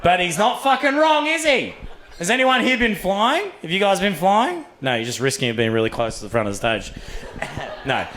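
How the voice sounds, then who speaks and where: A young Australian man performing a stand-up routine on a comedy club stage, telling stories in a crude, animated way full of swearing. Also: sits high, moderate pace, slight background noise.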